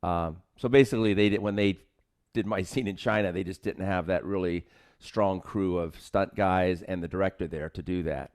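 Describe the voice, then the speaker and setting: A man's voice: low-pitched, normal speed, darkish tone. A man co-hosting a martial arts podcast, telling film-set anecdotes in casual chat and acting out the quotes with laughter.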